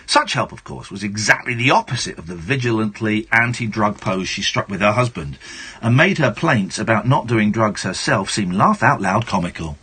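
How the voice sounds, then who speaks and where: A man's voice: on the low side, expressive, normal speed, pushed and bright, slightly rough. A man hosting a late-night radio show, reading a book aloud on air and breaking off for playful asides. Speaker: radio host. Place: radio studio. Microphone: studio microphone.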